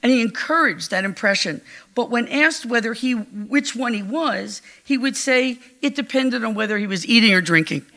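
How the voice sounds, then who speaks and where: Older woman, gravelly bright eulogy voice. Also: fairly high pitch, lively intonation. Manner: heartfelt, measured storytelling. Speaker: widow giving a eulogy. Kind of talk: memorial tribute speech. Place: memorial gathering.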